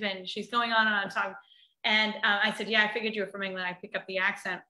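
Chatty woman with a bright voice. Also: medium pitch, fast talker, reverberant. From United States. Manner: chatty storyteller, many restarts. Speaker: podcast co-host. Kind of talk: casual chat.

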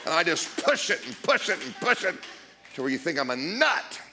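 A man preaching as a guest speaker, blunt and emphatic, swinging between quiet asides and loud declarations. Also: a little high, very animated, normal speed, noisy background. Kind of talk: sermon.

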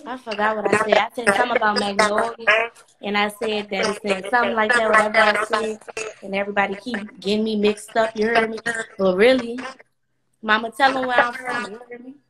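A woman's voice: mid-range voice, flat delivery, a little fast, over a noisy crowd, rough recording. A young woman from Atlanta bantering playfully with her mother on a phone livestream. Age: young adult. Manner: playful, bantering, Southern slang. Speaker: daughter on a live video chat. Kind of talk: casual chat on a livestream.

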